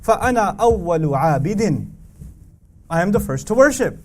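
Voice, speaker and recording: A man teaching a live audience about a Quran verse, emphatic and full of rhetorical questions, reciting Arabic verses quickly. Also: sits high, big pitch swings, darkish tone.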